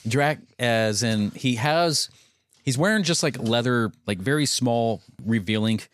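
A young man co-hosting a podcast, rambling casually and reading aloud haltingly. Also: mid-range voice, no room sound, clean studio sound. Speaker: podcast co-host. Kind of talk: casual chat.

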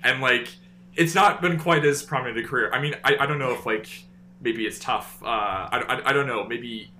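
A man's voice: medium pitch, normal speed, pushed and bright, a little hiss or hum. A man hosting a casual film discussion podcast, chatty and enthusiastic, with lots of filler words. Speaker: podcast host.

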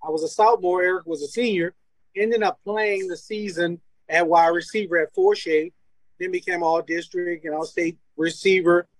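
A man's voice: high-pitched, normal speed, no room sound, low-quality recording. A man from Louisiana, a former college football player, telling stories casually as an interview guest, laughing often and acting out what people said. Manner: animated, laughs often, acts out quoted dialogue. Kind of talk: casual storytelling.

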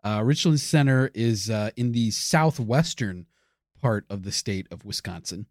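A man's voice: lowish voice, expressive, measured pace, darkish tone, dry recording. A man co-hosting a comedic history podcast, reading notes with lots of fillers and cracking crude jokes. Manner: joking, crude, reads notes with many fillers. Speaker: podcast co-host.

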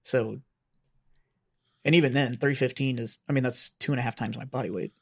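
A man's voice: mid-range voice, steady tone, fairly quick. A man co-hosting a podcast in casual chat, swearing freely and trailing off mid-sentence. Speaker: podcast co-host.

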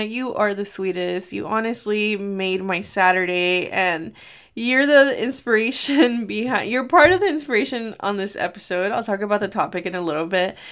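A woman's voice: medium pitch, a bit bright, clean tone. A young adult woman hosting a casual solo podcast from her room, telling stories in a chatty way and often laughing. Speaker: podcast host.

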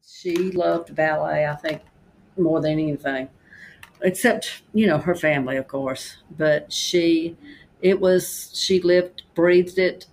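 An older woman recalls family memories in a fond, halting way, often restarting her sentences. Her voice has a gravelly, creaky edge, and faint noise hums behind it. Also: deep voice, fairly even intonation, darkish tone, low-quality recording. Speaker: interviewee, daughter of the subject. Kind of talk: reminiscing interview.

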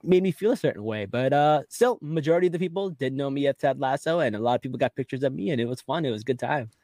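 A man hosting a podcast, chatting casually and laughing often, with quick restarts as he talks. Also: mid-range voice, animated, darkish tone, dry recording, clean studio sound. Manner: laughing, joking, stammers on restarts. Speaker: podcast host. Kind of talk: casual chat.

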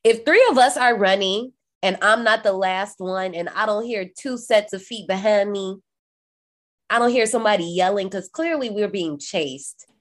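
A woman co-hosts a casual horror movie recap podcast, speaking at normal speed. She's animated and profane, often jumping high in pitch to act out quoted lines.

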